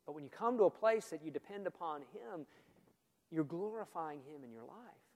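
Pastor, male, high-pitched, earnest sermon delivery with quiet emphatic drops, big church reverb. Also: lively intonation, moderate pace. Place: church sanctuary. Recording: long reverb of a church hall.

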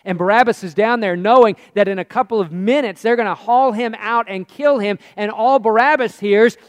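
Preacher guy reading scripture, dramatic delivery, fairly high voice, dry close sound. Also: normal speed, dry recording, in a large hall. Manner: emphatic and dramatic, dropping to a hush. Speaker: pastor.

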